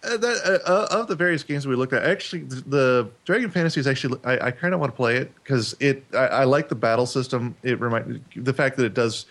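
A man's voice: mid-range voice, fast talker, hardly any pauses, a bit bright. A man hosting a podcast, chatting casually and stumbling over his words as he restarts sentences. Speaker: podcast host.

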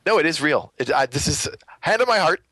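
A man's voice: on the high side, lively intonation, a little fast, pushed and bright, no room sound. A man co-hosting a podcast, chatting casually in a dry, teasing way. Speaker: podcast co-host. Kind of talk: casual chat.

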